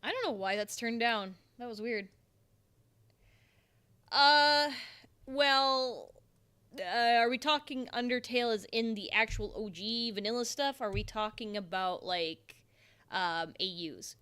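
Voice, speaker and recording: A woman's voice: on the high side, measured pace, bright, forceful tone, smooth. A young woman streaming live at home into a desk microphone, chatting casually and rambling to herself as she works and answers chat. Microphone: desktop microphone.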